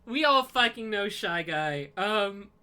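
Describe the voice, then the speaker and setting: A woman's voice: mid-range voice, expressive, takes it slowly, bright, forceful tone, clear, resonant tone. A young woman streaming casually, giggly and profane, often collapsing into laughter. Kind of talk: casual chat on a livestream.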